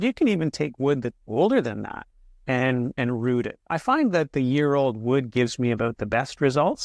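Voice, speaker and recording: A man explaining gardening as an interview guest, patient and steady, with small restarts as he talks. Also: medium pitch, dry recording. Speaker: horticulturist guest. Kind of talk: casual interview answers.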